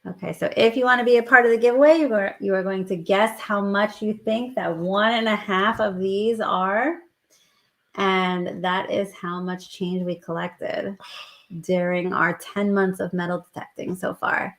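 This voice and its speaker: A woman's voice: mid-range voice, fairly even intonation, fairly bright tone. Chatty woman live-stream host. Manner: chatty, reading out viewer guesses in quick lists. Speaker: livestream co-host. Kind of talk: casual live-stream chat.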